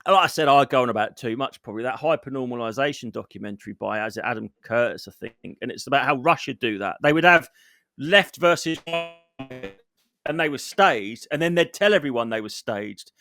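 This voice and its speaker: A man's voice: medium pitch, expressive, a little fast, bright, forceful tone, dry recording, studio quality, faint music behind. A man, co-hosting a comedy podcast, ranting and swearing as he mimics other people. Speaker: podcast co-host. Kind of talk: casual comedy podcast rant.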